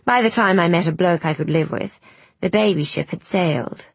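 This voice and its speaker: A woman reading as a dry, blunt friend, low husky voice, close dry audiobook mic. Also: normal speed, no echo. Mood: wry. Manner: dry, blunt, self-mocking. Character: Ruby, frank wry woman, older friend.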